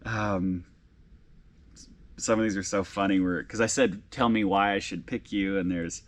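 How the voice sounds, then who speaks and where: A man in his thirties hosting a casual vlog, reading fan messages aloud, halting and emotional with frequent restarts. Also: deep voice, fairly even intonation. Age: 30s. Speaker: vlog host and tattoo artist.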